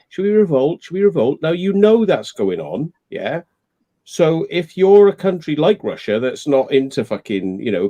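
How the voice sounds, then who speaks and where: A man's voice: medium pitch, dark tone. A man and urban explorer ranting and swearing in a casual live-stream chat.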